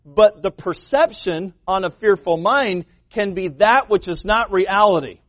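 High-voiced emphatic male preacher. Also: a little slow, a bit bright, no echo. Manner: emphatic preaching, acts out quoted voices, repeats words. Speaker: pastor. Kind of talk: sermon.

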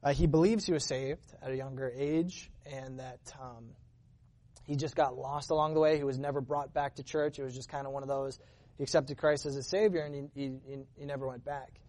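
A man's voice: mid-range voice, steady tone, fairly quick, a little mellow. A man sharing a personal testimony at church in an earnest, conversational way, often restarting his sentences. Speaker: church member giving a testimony.

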